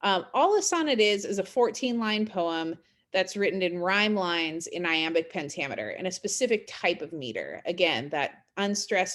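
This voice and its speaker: Woman English instructor, low voice with animated swings, casual recorded lecture with frequent check-ins. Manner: conversational, with fillers and check-in questions; reads poems aloud slowly.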